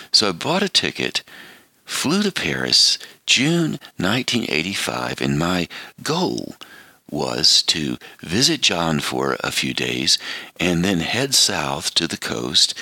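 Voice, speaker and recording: An American man in his seventies telling a reflective personal story in an animated, swooping way. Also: sits low, takes it slowly, vocal fry, slightly rough, dry recording.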